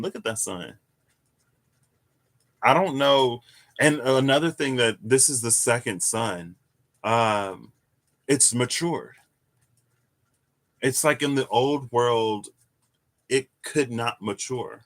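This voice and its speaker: A young man giving a casual, musing tarot reading, animated at times with sudden high exclamations. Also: slow pace, long pauses. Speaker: tarot reader. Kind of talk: casual reflective monologue.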